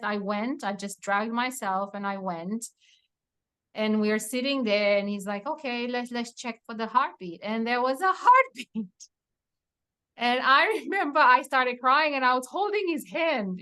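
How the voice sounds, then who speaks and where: A woman recounting her own patient story in an interview, animated and acting out the dialogue with frequent laughter. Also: fairly high pitch, normal speed. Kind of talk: emotional personal testimony in an interview.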